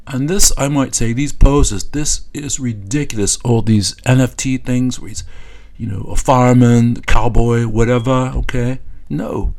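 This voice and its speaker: Guy slowly mocking and sneering, lots of uhs, gravelly low-key voice. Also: fairly even intonation, a little mellow, poor audio. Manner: mocking, scornful, hesitant with many fillers. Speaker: commentator. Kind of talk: satirical political commentary.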